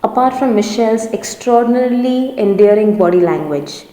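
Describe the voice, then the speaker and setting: A woman's voice: on the high side, animated, normal speed, mellow. A woman teaching presentation skills in an explanatory, emphatic lecture style. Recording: roomy hall with long reverb.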